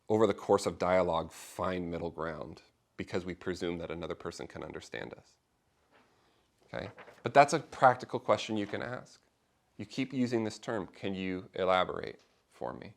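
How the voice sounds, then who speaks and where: A middle-aged man leading a faith discussion class, talking informally to a small group and acting out the people he quotes. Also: sits low. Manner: conversational, animated, acts out quoted voices.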